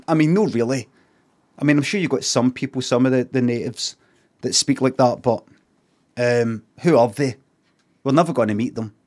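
A man with a Scottish accent, streaming casually and reacting out loud in a rambling, repetitive, sweary way. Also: mid-range voice.

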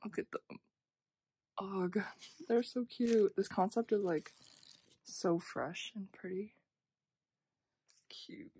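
A young woman casually narrating an unboxing, gushing with frequent gasps and soft half-whispered asides. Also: medium pitch, slow pace, pauses often, a little hiss or hum. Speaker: unboxing vlogger.

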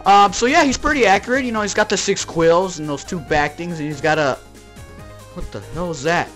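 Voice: mid-range voice, brisk, fairly bright tone, faint music behind. A YouTuber from Texas hosting a jokey, rambling comedic toy review with plush skits. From Texas, United States.

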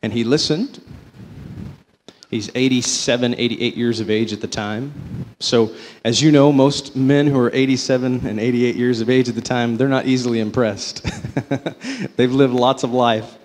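A man's voice: mid-range voice, steady tone, a little mellow. Man telling a faith testimony in a hall. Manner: storytelling, swings between slow emphatic and quick phrases. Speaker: company vice president giving a testimony.

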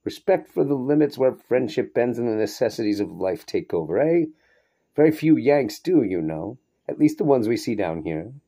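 A man reading a story, voicing a drunk but precise diver who speaks in a low, careful voice with a vague British accent. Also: big pitch swings, moderate pace, dark tone. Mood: genial. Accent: vaguely British, put on.

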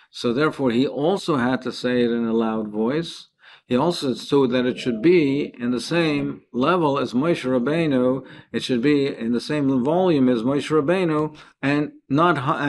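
A man, a rabbi, giving a daily Talmud lesson. He reads each phrase of the text, then explains it in plain words, and his voice rises and falls sharply for emphasis. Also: mid-range voice.

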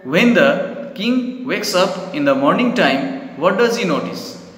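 A male English teacher explaining a literature chapter to children, pausing to define words and calling them "children". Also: sits high, animated, slight background noise. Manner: explains word meanings, addresses the children repeatedly. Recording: echoey room with long reverb.

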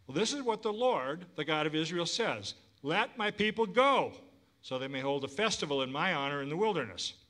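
Preacher reading as insistent ancient prophets, slightly raised voice, earnest. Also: male voice, fairly high pitch, animated, fairly quick, a bit bright. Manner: insistent, declaring. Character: two earnest male prophets pleading.

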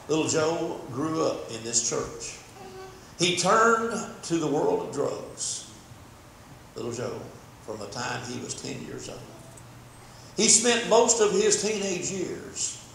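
In a church sanctuary, an older man preaches a sermon, fervently telling a story with repeated words. His medium-pitched voice is a bit bright with vocal fry. The church is very echoey, with faint background noise.

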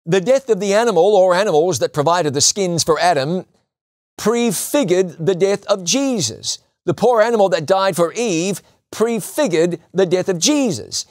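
A man preaching a sermon in an emphatic way, repeating lines for stress and slowing on key words. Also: high-pitched, no room sound, studio quality.

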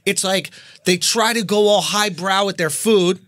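A man hosting a comedy podcast, ranting in an animated, profane way. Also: sits high, a little slow, dry recording, studio quality. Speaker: podcast host.

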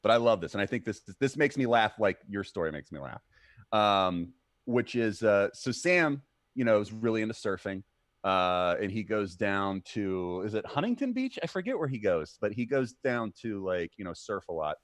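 Clean studio sound with no echo carries his lowish voice at a moderate pace. He's a podcast co-host on a casual stream who chats, tells stories with lively energy, voices the people in them, and cusses casually.

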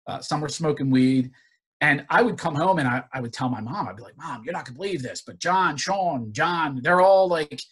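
A man from Northeast Philadelphia giving an earnest personal recovery talk, halting with many restarts and fillers. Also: a little high, a bit bright. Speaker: guest speaker. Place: virtual forum presentation.

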